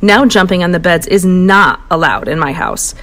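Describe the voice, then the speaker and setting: A woman reading a children's picture book aloud in a playful storytelling voice. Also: moderate pace. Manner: animated, playful, pitch jumps high for voices. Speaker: storybook reader.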